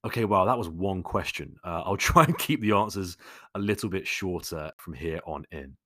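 Low-voiced man answering questions. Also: lively intonation, normal speed, bright, forceful tone. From London. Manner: conversational, many fillers and restarts. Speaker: YouTube host answering viewer questions. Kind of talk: casual Q&A monologue.

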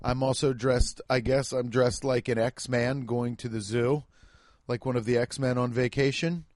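A man's voice: mid-range voice, fairly even intonation, unhurried, darkish tone. A man who is a stand-up comedian, chatting casually and self-deprecatingly on his podcast from home. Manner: rambling, jokey, self-deprecating.

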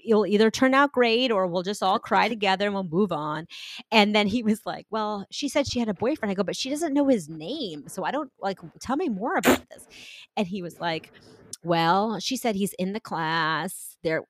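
A woman in her thirties telling stories about her children in casual chat, animated and laughing often. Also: mid-range voice, no echo, clean studio sound. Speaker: podcast guest.

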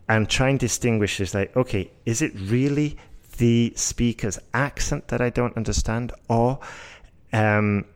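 Lowish-voiced Yorkshire man teaching IELTS. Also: a little mellow. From England. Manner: thoughtful, restarts and rephrases as he explains. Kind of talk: casual discussion.

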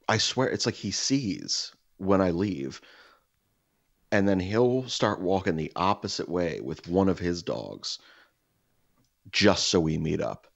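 A young adult man co-hosting a podcast, telling a profane, animated story with mimicked voices in casual chat. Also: deep voice, vocal fry, no echo, lo-fi sound. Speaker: podcast co-host.

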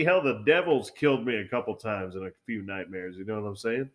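Profane, animated young man telling stories. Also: on the low side, fairly quick, hardly any pauses. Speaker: podcast co-host. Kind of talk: casual chat.

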